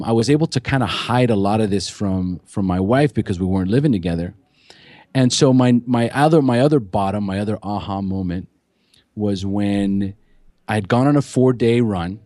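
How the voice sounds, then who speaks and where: A man's voice: on the low side, moderate pace, a little mellow, no room sound. A man as a podcast guest, candidly and emotionally recounting his addiction recovery in earnest, unpolished storytelling.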